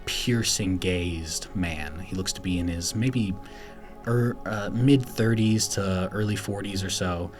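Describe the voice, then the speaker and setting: A man's voice: deep voice, takes it slowly, soft background music. Laid-back young man running a tabletop game. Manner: casual, laughing, rambling with fillers. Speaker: game master.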